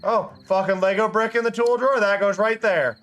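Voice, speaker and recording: A man's voice: high voice, fairly even intonation, a little fast, fairly bright tone, faint music behind. A man streaming a game, chatting casually and rambling at a desk mic, swearing and laughing often. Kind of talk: casual live-stream chat while gaming.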